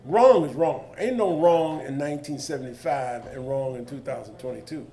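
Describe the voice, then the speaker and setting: At medium pitch and a moderate pace, a man in his seventies shares stories on a discussion panel. His delivery is animated and colloquial, and he voices the people he talks about.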